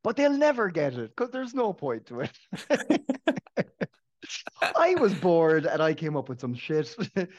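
A man co-hosts a casual podcast in a high voice with huge swings in pitch. He talks unhurriedly, pausing often, joking and laughing a lot, and frequently restarts his sentences.

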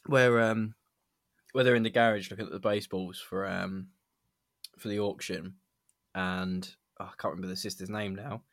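A man's voice: low voice, level tone, normal speed, no room sound, clean studio sound. A young man co-hosting a podcast, telling a story in casual chat and laughing through it often. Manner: giggly storyteller, frequent laughs. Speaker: podcast co-host.

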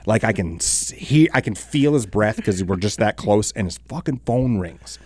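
A man's voice: on the low side, normal speed, husky, dry recording. A man hosting a podcast, telling a long story in casual chat, swearing often and acting out other people's lines. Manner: profane, animated storytelling with exaggerated quoted voices. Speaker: podcast host.

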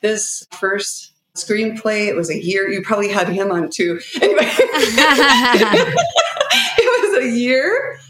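Over a noisy crowd, in a reverberant space, a middle-aged woman guest who founded a nonprofit rambles emotionally and from the heart in an interview conversation. Her medium-pitched voice swings widely in pitch at a normal speed.

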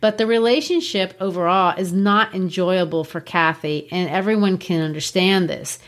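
A woman co-hosting a casual book discussion, chatty and animated, often laughing. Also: lowish voice, moderate pace. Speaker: book podcast co-host.

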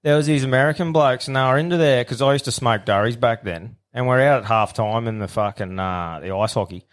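An Australian man hosts a casual podcast chat, at a middle pitch. He swears freely and laughs often while he spins stories. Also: a little fast. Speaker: podcast host.

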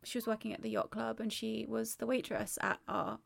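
A woman in her thirties talks in a loose, rambling way, with a strong gravelly fry under a somewhat high voice. She is candid and swears freely in casual conversation. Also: little pitch movement, fairly quick. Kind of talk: casual conversation about grief.

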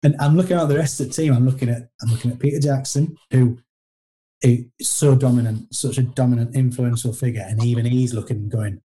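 A middle-aged man with a very dark, mellow voice, speaking at a mid pitch. He tells old stories from his playing days in a loose, rambling way, often restarting sentences and poking fun at himself. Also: fairly even intonation, fairly quick. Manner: rambling anecdotal, frequent restarts, self-deprecating. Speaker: former footballer guest. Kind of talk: casual interview storytelling.

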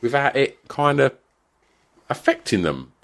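A man's voice: medium pitch, unhurried, gravelly. A middle-aged man telling a story in casual chat, swearing freely and acting out what people said. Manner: animated, swears freely, acts out quotes.

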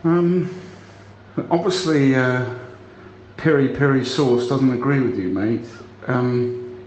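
A man leaving a halting, stammering voicemail for a friend in a comic sketch. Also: medium pitch, slight background noise. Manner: halting, stammering, grows exasperated and shouting. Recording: roomy, dull recording with faint ambience.

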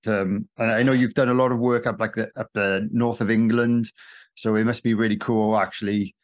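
A man's voice: on the low side, little pitch movement, normal speed, dull audio. A Welsh man hosting a podcast interview, chatting in a friendly way with frequent laughs and many fillers and restarts. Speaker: podcast host. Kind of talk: casual interview chat.

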